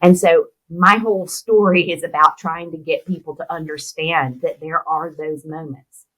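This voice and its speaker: Woman, middle-aged, from America, husky voice, low-pitched, storytelling guest who acts out quotes. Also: steady tone, moderate pace, fairly bright tone, poor audio. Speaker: interview guest. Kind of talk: storytelling in conversation.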